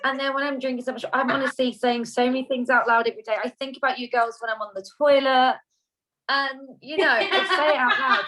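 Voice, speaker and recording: A woman's voice: high-pitched, steady tone, fairly quick, sharp tone, low-quality recording. A woman on a video call sharing a heartfelt personal story in a rambling, self-correcting way.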